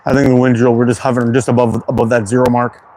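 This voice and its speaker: A man's voice: medium pitch, level tone, fast talker, a little mellow. A man from Canada with a Quebec accent, casually hosting an outdoor livestream and greeting viewers from chat. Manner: reads chat names aloud, laid-back and friendly, swears casually. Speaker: slingshot livestream host. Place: outdoors in cold wind. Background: wind and outdoor ambience.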